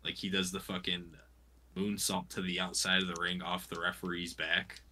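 Very deep, forceful man, podcast co-host, emphatic and argumentative, faint background noise. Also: level tone, normal speed. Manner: emphatic, argumentative, swears casually. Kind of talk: casual chat recapping wrestling.

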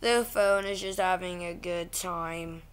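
A woman's voice: lowish voice, fairly even intonation, clear, resonant tone. A woman hosting a casual vlog, reacting to things online in a ranting, exasperated way. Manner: ranting, easily exasperated, slow-talking. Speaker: channel host.

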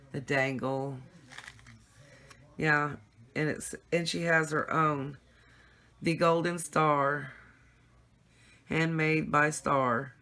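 A woman's voice: low voice, a bit bright. A woman chatting casually and giggling as she unboxes gifts for her viewers at home. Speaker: craft vlogger.

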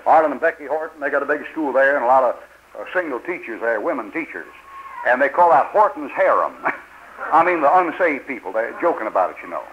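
Fiery older preacher on old tape. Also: male voice, mid-range voice, expressive, brisk, muffled recording, slight background noise. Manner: fiery, rhetorical questions, folksy grammar. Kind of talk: sermon.

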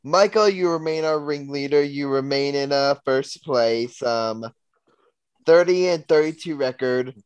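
A man's voice: mid-range voice, a little slow, smooth, no echo. A young man hosting a casual sports podcast, reading out bet results and standings in an upbeat way. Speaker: podcast host.

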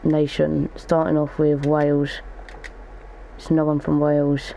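Gravelly young man chatting over a game. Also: a little high, completely flat delivery, unhurried, warm tone, a little hiss or hum, low-quality recording. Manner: chatty, thinks aloud while opening packs. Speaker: gaming YouTuber. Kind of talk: casual gaming commentary.

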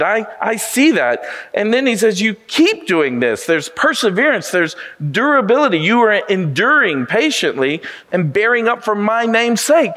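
A man preaching a sermon as pastor, stressing key phrases with rising, slowed emphasis. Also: high-pitched, sing-song, fairly bright tone.

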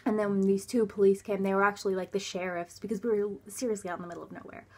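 A young woman telling a personal story in a halting, hesitant way, full of fillers, sometimes dropping to a quiet, soft voice. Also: medium pitch, level tone. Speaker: vlogger.

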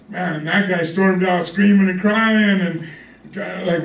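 Man preaching, fairly high voice, roomy echo, heard from across a church hall. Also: fairly even intonation, normal speed. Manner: conversational preaching with call-outs to the congregation. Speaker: pastor. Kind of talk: sermon. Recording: echoey room from a distance.

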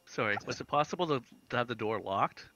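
A man at a tabletop game, musing hesitantly and rambling about what his character will do. His voice is bright and lively in pitch, and the recording sounds dull and lo-fi. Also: quick pace. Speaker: player. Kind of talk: tabletop role-play.

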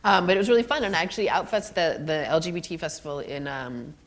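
An animated middle-aged woman, a guest actor telling stories on a college stage, laughing often. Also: on the low side, fast talker. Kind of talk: storytelling on a college stage interview.

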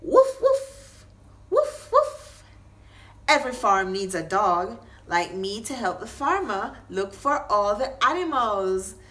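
A woman voicing a friendly farm dog in a storybook reading, with high yapping woofs before she speaks proudly as the dog. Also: animated, unhurried, hardly any pauses, sharp tone. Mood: eager. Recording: echoey room, faint noise.

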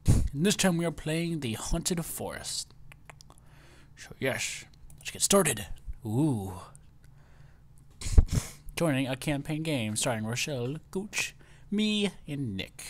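A young man hosting a casual gameplay commentary, excitable and often startled. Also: on the high side, takes it slowly, long pauses, a little hiss or hum. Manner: excitable, lots of startled exclamations. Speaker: let's play host.

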